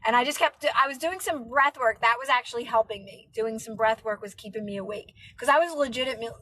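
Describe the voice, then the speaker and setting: Bright high-voiced woman chatting on a live stream. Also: fast, a little hiss or hum, poor audio. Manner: chatty, rambling with many fillers. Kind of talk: casual live stream chat.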